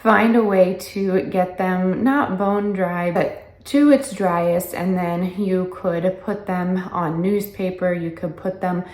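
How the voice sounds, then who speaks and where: A woman's voice: fairly low pitch, fairly even intonation, slow pace, a little mellow. Breathless, chatty young woman vlogger. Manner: chatty, enthusiastic, laughs often. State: out of breath, pregnant. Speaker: homesteading vlogger. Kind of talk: casual talk to camera. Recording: echoey room.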